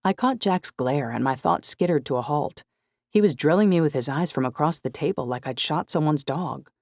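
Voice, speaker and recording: Steady woman narrating a novel. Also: sits low, moderate pace, dry recording, studio quality. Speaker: audiobook narrator. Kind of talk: first-person scripted narration.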